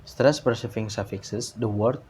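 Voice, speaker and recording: Halting man reading a morphology presentation. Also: fairly low pitch, a little mellow, a little hiss or hum. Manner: halting, frequent uh fillers and restarts. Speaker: student presenter.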